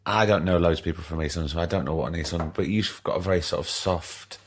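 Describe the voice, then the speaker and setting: A podcast host asking curious, gentle follow-up questions in a casual interview chat. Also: deep voice, quick pace, a little hiss or hum. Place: basement recording studio.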